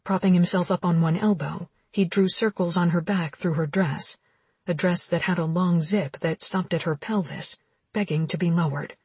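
A woman narrating a romance novel as an audiobook in steady, intimate storytelling. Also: lowish voice, normal speed, husky, no echo.

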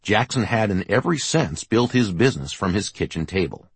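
Low, husky male audiobook narrator. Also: animated, a little fast, no room sound. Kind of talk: scripted narration.

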